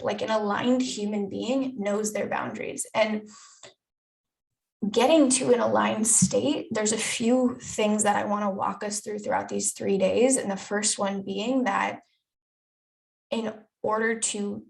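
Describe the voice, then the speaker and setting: A woman's voice: mid-range voice, moderate pace, vocal fry, rough recording. A woman coach giving a live online talk in a casual, candid way, swearing freely and asking rhetorical questions. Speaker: dating and self-development coach.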